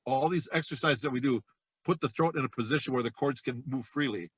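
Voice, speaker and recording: A middle-aged man coaching a vocal warm-up lesson, talking in a relaxed, chatty way between loud sung demonstrations. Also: mid-range voice, fast, breathy edge, no echo, rough recording. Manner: demonstrates exercises with loud sung shouts and quacks.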